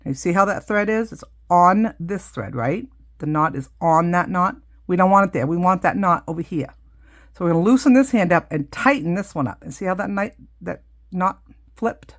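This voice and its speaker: Working with her hands, a middle-aged woman shows off a craft as a teacher would, chatting away and dropping plenty of asides while she explains. Her voice is on the low side, and she speaks at an ordinary pace.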